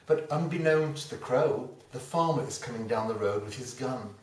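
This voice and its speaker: A man's voice: medium pitch, normal speed, darkish tone. A man, a motivational speaker telling a folksy fable with a moral. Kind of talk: storytelling talk with a moral. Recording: roomy, distant mic, faint ambience.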